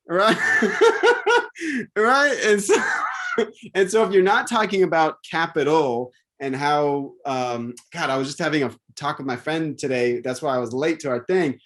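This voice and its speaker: A man's voice: a little high, moderate pace. Rambling man in casual talk. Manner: rambling, animated, many restarts and fillers. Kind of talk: casual conversation.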